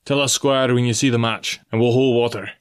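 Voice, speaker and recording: A stern, steady sea captain, voiced by a man reading aloud barks short, commanding orders. His voice sits at an ordinary middle pitch. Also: brisk, clear, resonant tone, lightly acted. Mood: urgent. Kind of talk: audiobook dialogue reading.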